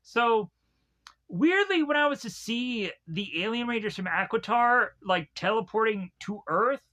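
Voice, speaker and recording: A man's voice: sits high, lively intonation, measured pace, bright, forceful tone. A man giving a rambling, casual episode recap, laughing often and swearing freely. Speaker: episode reviewer.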